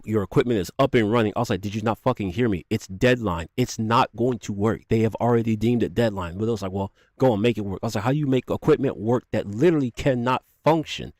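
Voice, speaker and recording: A young man casually telling a profane, animated story, acting out quotes as he goes. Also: lowish voice, no echo, clean studio sound.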